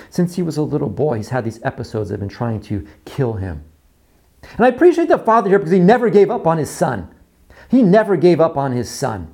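Male pastor, sermon delivery, expressive and fairly high, repeats lines, voices the people he quotes. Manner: animated, acts out quoted voices, repeats phrases, drops to quiet lows.

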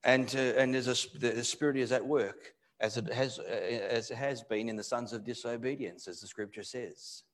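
A male pastor giving a live sermon in church, moving between loud emphatic bursts and low, quiet asides. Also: moderate pace, hardly any pauses. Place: church hall.

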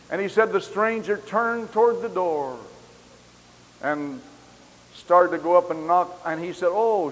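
A man preaching a camp meeting sermon, telling a story with impassioned delivery that rises to loud exclamations. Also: a little high. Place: large camp meeting hall. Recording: long hall reverb with faint hiss.

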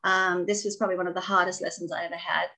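A woman telling stories about her ballet training in a casual interview, animated and laughing often. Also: on the low side, rapid-fire, rough recording. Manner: animated, laughing, expressive storyteller. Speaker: guest, former ballet dancer.

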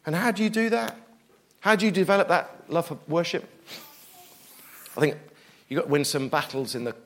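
A middle-aged man preaching a sermon in a fairly high voice. He talks with a lively, self-deprecating energy, climbing high and loud to make a point, then dropping low and quiet to bring it home. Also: a little fast. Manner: animated, self-deprecating, swings between loud and hushed.

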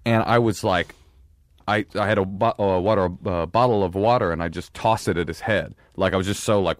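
A man co-hosting a podcast, casually telling animated, profane anecdotes and acting out the dialogue. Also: on the low side, brisk, dry recording, clean studio sound. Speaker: podcast co-host. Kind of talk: casual chat, storytelling.

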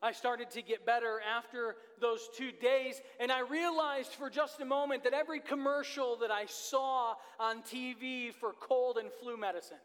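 Man, pastor, sermon, very high voice, earnest, repeats key lines, long church reverb. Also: steady tone, normal speed, hardly any pauses, fairly bright tone, clean tone. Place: church sanctuary.

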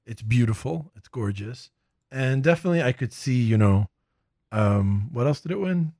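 A man hosting a casual tabletop games podcast, animated and quick to laugh, recording in a makeshift home studio. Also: medium pitch, no room sound. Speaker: podcast host.

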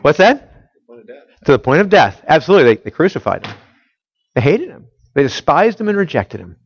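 A man's voice: on the high side, very animated, brisk, husky, no echo. A man preaching a sermon, asking the audience questions and filling in the answers himself. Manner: quizzes listeners, fills in his own questions. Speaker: pastor. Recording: dull lo-fi, dry.

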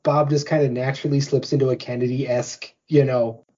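A man's voice: medium pitch, level tone, brisk, darkish tone. A man co-hosting a podcast in casual chat. He jokes and chuckles as he talks. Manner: joking, chuckling. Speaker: podcast co-host. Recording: muffled lo-fi audio.

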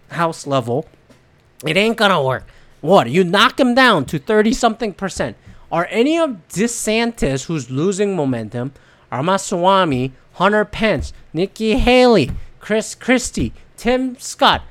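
A woman hosting a solo podcast, ranting about politics bluntly and profanely, rambling with lots of fillers and restarts. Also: mid-range voice. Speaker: podcast host. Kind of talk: solo political commentary rant.

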